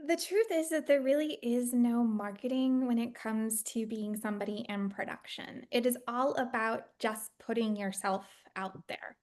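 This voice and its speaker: Sex: woman. Role: producer on a panel. Style: Q&A advice, candid and joking. Pitch: high. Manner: animated, acts out quotes. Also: moderate pace, hardly any pauses. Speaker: animation producer answering student questions.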